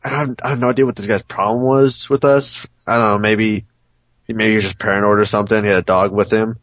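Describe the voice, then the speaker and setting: A man rambles through a story on a casual podcast call and swears freely. His voice is on the low side. The sound is dry and muffled, like a lo-fi call. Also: steady tone, fast talker, no room sound. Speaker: podcast co-host. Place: home on an online call.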